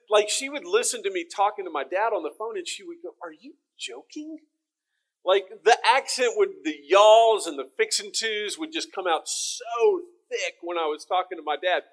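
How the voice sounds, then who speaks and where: A middle-aged man with a Texan accent delivers a sermon in a relaxed, folksy, conversational way, often restarting his phrases. His voice sits a little high for a man. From Texas. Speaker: teacher.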